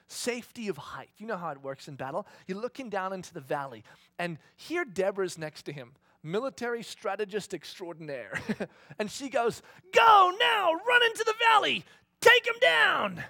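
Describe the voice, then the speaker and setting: A male pastor preaching with a high, widely swooping voice. He tells the story energetically and keeps asking the congregation questions. The sound is dry and close, with no echo. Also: sing-song, normal speed, fairly bright tone. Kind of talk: sermon.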